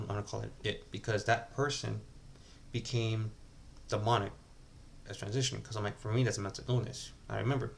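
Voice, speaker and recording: A low-voiced man with a gravelly, creaky edge talks straight to his camera at home, rambling and restarting his sentences as he confides. A faint hiss of room noise sits under his voice. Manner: rambling, hesitant, many restarts and "like". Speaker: vlogger. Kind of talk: casual confessional monologue to camera.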